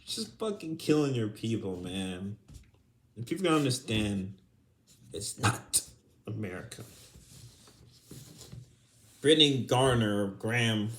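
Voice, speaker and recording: A young adult man hosts a podcast, ranting casually in a mid-range, fairly bright voice. He's profane and heated, swearing heavily and breaking into bursts of laughter.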